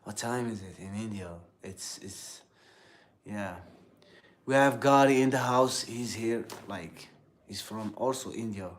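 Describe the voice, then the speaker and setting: A man from Algeria with an Algerian accent, chatting casually on a livestream in halting English full of fillers and repeated words. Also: lowish voice. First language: Algerian Arabic. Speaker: livestream host.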